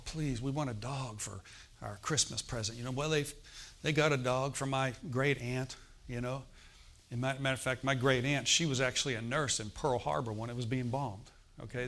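A middle-aged man preaching a sermon, telling stories and acting out the voices of the people in them, swinging from hushed to loud. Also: mid-range voice. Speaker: pastor. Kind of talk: sermon storytelling.

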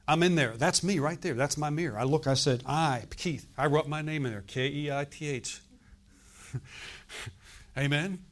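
A man's voice: on the high side, unhurried, long pauses. A man in his sixties preaching a sermon as pastor, emphatic and often asking the congregation to answer. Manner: emphatic, asks the congregation questions.

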